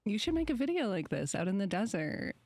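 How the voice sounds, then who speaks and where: A woman's voice: mid-range voice, sing-song, fairly quick, darkish tone, no room sound. A woman co-hosting a radio show, chatting casually in a teasing way. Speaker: radio co-host. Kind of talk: casual talk radio banter.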